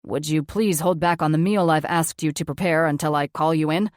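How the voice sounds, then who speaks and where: A powerful wealthy man, voiced by a woman narrating an audiobook, speaking in a hoarse, throaty tone that sits lower and pushes louder than the narration. His words come out shaky and strained. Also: fairly even intonation, brisk, no room sound, clean studio sound, natural voice. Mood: husky, strained. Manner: shaky, breathless delivery. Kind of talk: audiobook character voice.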